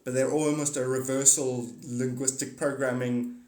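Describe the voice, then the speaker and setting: A man's voice: mid-range voice, flat delivery, moderate pace, a little mellow, roomy sound. A man hosting a casual livestream, talking to viewers in a rambling, blunt and profane way. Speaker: livestream host.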